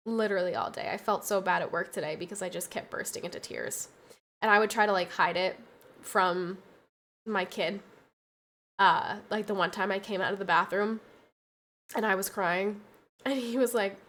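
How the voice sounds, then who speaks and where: A young woman streaming a casual chat, tired and tearful, talking softly with many pauses and restarts. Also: medium pitch. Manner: soft, halting, full of fillers and restarts.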